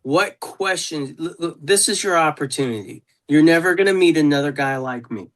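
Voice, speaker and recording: Man, blunt and salty, slightly higher voice, video call host. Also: moderate pace. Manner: blunt storyteller, swears freely. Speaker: consultant host. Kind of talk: casual video call chat.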